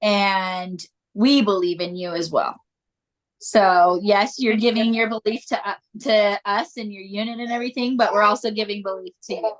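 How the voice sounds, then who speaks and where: A woman's voice: medium pitch, fairly even intonation, normal speed. A woman on a video call earnestly telling her team leader that the group supports her. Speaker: team member.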